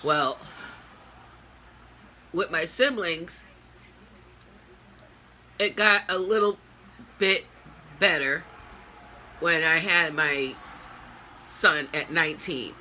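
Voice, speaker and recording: Grieving middle-aged woman for a personal vlog. Slow, halting delivery, very bright edge to the voice. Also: low-pitched, a little hiss or hum. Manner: halting, raw, speaks in broken phrases. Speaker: vlogger.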